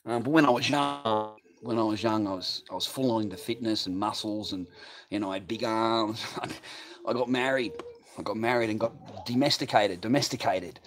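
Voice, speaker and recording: A man's voice: fairly low pitch, moderate pace, background noise. A man in his forties chatting casually on a livestream from his garage workshop, telling rambling, profane stories. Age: 40s.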